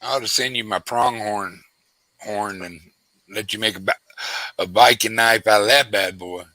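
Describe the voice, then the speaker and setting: A man spins a rambling hunting tale, stumbling over restarts as he goes. His voice is bright and forward, recorded dry and close. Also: lowish voice, normal speed, dry recording, poor audio. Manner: rambling storyteller with frequent restarts, acts out quoted voices. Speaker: host. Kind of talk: casual hunting story chat.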